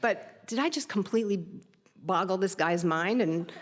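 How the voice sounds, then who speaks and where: A woman's voice: mid-range voice, moderate pace. Woman telling a stage story in a reverberant hall. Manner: lively, self-mocking, laughing at her own tale. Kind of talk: personal story told on stage. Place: theater stage.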